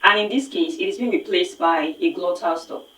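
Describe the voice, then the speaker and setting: Far from the mic in an echoey room, a woman with a Nigerian English accent teaches phonics online in a lowish, fairly bright voice at a moderate pace. She explains with emphasis and repeats words to model them for learners.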